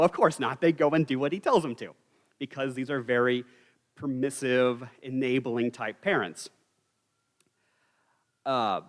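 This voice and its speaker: A man teaches a Bible study at a middle pitch, talking casually and slipping in dry, wry jokes. His voice carries a long reverb from the church hall around him, as heard on a live stream. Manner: conversational, wry asides and humor.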